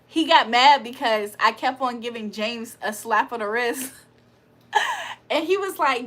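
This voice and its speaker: A woman's voice: on the high side, measured pace, fairly bright tone. A young woman hosting a casual livestream, reading chat aloud and laughing often. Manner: chatty, laughs often, reads comments aloud.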